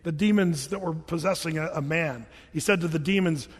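A man preaching a sermon as pastor in a relaxed, chatty way and often restarting his sentences. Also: on the high side, fairly quick, breathy edge. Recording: long hall reverb.

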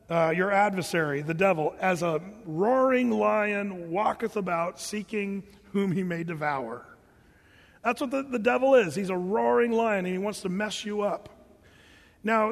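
Animated older man preaching in a hall. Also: sits high. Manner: animated storytelling with sound effects and humor. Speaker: pastor. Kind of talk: sermon.

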